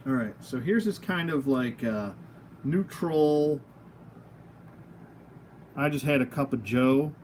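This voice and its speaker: A man's voice: mid-range voice, takes it slowly, pauses often, a little mellow, a little hiss or hum. A man hosting a casual toy review at home, rambling and goofy, laughing at himself as he goes. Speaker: toy reviewer, channel host. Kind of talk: casual unscripted product review. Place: at home, at a table of figures.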